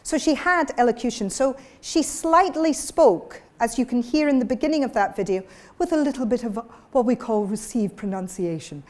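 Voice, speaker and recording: A woman communications coach delivers a workshop lecture, lively and demonstrative with her audience. Her voice is on the high side, at a moderate pace.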